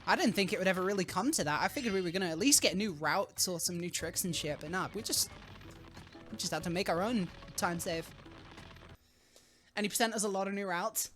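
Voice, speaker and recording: A young adult woman streaming live, chatting casually, swearing freely and squealing loudly when thanking donors. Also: lowish voice, brisk, soft background music.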